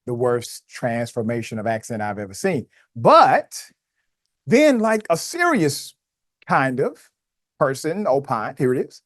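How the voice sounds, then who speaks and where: A male host giving casual political commentary in a wry, animated way. His mid-pitched voice sits close and dry, with no room sound. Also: no echo.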